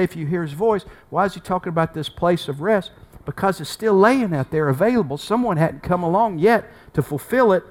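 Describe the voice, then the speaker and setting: A man preaching a sermon as pastor, folksy and emphatic, with down-home turns of phrase. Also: on the high side.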